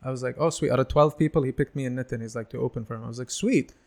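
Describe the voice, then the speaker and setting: A man's voice: medium pitch, racing, vocal fry. A man in his thirties, a stand-up comedian, telling stories in casual chat and acting out the voices of people he quotes. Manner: animated, acts out quoted voices.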